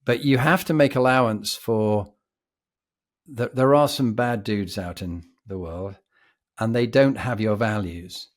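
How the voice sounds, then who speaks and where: A man's voice: fairly low pitch, a little slow. A man with a posh British accent, a podcast guest telling vivid, reflective stories. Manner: reflective, vivid, animated storyteller. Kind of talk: anecdotal storytelling.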